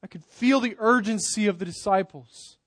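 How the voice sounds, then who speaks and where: A man's voice: high-pitched, moderate pace, no echo, studio quality. Man preaching with rising and falling force. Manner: emphatic preaching, swells loud then drops soft. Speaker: pastor. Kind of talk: sermon.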